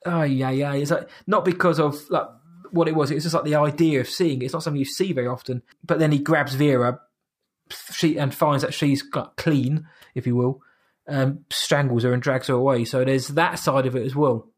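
A man's voice: medium pitch, steady tone, moderate pace. A man, co-hosting a casual podcast chat and rambling through a film recap with frequent restarts. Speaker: podcast co-host reviewing a horror film.

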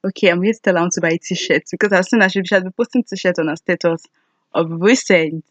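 A woman's voice: lowish voice, fast talker, dry recording, low-quality recording. Giggly young woman vlogging. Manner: excitable, giggly, loud exclamations. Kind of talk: casual chat to camera.

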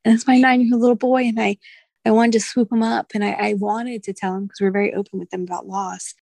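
A woman in her thirties, a guest on a podcast, telling a personal loss story in an emotional, halting way with many restarts. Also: medium pitch, level tone, vocal fry, dark tone, no room sound.

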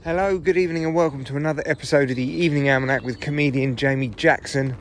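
A man's voice: medium pitch, fairly even intonation, fast, a little hiss or hum. A man, a comedian, rambling through a casual solo podcast while walking his dogs in the woods. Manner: chatty, rambling, swears freely.

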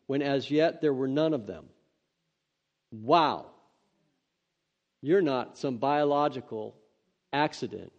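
A man preaching, reading scripture aloud and breaking off into earnest, excitable, conversational asides. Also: mid-range voice. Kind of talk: devotional scripture reading with commentary. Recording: dull lo-fi sound.

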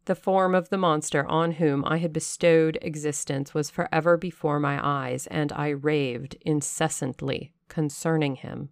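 Low-voiced woman reading a classic novel. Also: a little slow, creaky, hardly any pauses, dry recording, clean studio sound. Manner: expressive, dramatic pacing. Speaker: audiobook reader.

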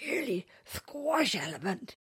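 Woman voicing a drowsy gentle creature, drawling. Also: a little high, big pitch swings, slow, slightly rough, no room sound, studio quality, voice pushed up, heavily acted. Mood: giggly, apologetic. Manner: drawling, yawning, made-up words. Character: big sleepy gentle creature, slow broken speech.

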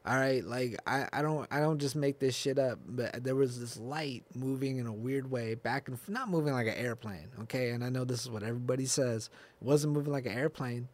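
A man's voice: medium pitch, fairly quick, hardly any pauses. Rambling, laughing young podcast host guy. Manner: rambling, profane, laughs often, restarts and off-the-cuff asides. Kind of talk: casual solo podcast rant.

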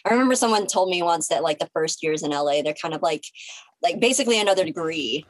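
A woman's voice: lowish voice, animated, fast, no room sound. A woman hosting a casual podcast interview, giving supportive backchannels and joking asides. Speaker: podcast host.

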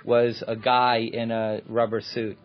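A man's voice: mid-range voice, little pitch movement, slow, dull audio, over loud music. A man, a film director, telling stories from the shoot and explaining how the shots were made on a commentary track. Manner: explanatory, storytelling, talks through the shots. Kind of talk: anecdotal commentary.

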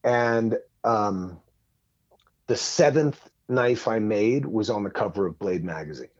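A man's voice: lowish voice, slow, no room sound, dull audio. A man telling a long story in casual podcast chat as a guest, rambling and heavy on swearing. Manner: profane, rambling, animated.

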